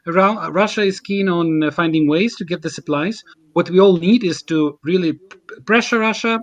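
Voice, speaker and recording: A man makes his case as a guest commentator in a panel discussion. His voice sits high for a man, and he talks in an earnest, emphatic way, often stopping and restarting a phrase. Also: normal speed. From Ukraine.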